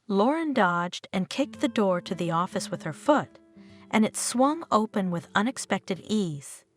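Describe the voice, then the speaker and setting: A woman narrating a dramatic story in an animated, expressive reading. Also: mid-range voice, measured pace. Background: soft guitar music.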